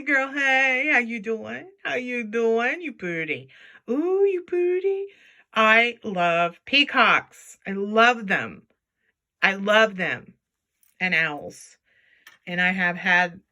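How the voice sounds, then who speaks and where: Chatty, lively woman vlogging. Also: fairly low pitch. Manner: chatty and playful, talks to objects in silly voices. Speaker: jewelry reseller vlogger. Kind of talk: casual chat while sorting jewelry.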